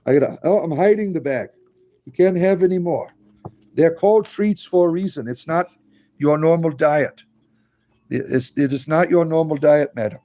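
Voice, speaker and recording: A man's voice: mid-range voice, darkish tone, no echo. Playful man coaxing his rabbits. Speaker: livestream host. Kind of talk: casual live chat with pets.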